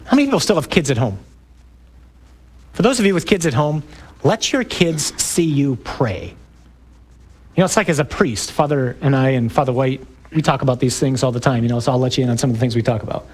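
A man's voice: mid-range voice, lively intonation, fairly quick, darkish tone. A man who is a priest, giving an emphatic, preacherly parish talk to parents with jokey asides to the audience.

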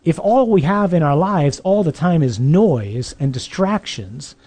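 A man's voice: fairly high pitch, expressive, measured pace, dark tone. A man, a priest, giving a conversational sermon to young adults, emphatic with dry humorous asides.

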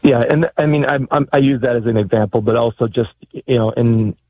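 A man calling in to a talk show, speaking hesitantly with many pauses and restarts, heard over a phone line. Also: mid-range voice. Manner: hesitant, lots of ums and restarts. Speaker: caller. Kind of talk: phone-in conversation.

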